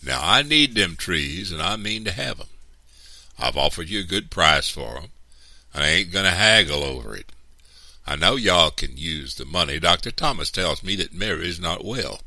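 A man voicing a menacing older white landowner who speaks low and threatening. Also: sing-song, moderate pace, pushed and bright, no echo, heavily acted.

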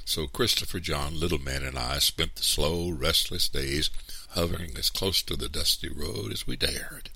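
A man narrating a story in measured, steady audiobook style. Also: rumbling low, vocal fry, no room sound.

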